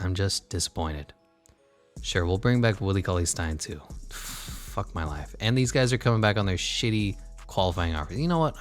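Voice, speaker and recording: A man's voice: low voice, fairly bright tone. A man commentating his basketball video game in a casual, sarcastic way, swearing and muttering asides. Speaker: gaming channel host.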